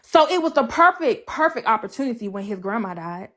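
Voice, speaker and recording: Her fairly bright voice sits on the high side, moving briskly with big pitch swings. As a livestreamer sharing her side of a breakup, she's casual and foul-mouthed and drives points home by repeating them.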